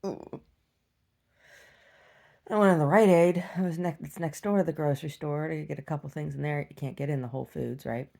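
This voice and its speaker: Animated woman with a low gravelly voice. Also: brisk. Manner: animated, laughing, swings from loud to hushed. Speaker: vlogger. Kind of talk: casual storytelling rant.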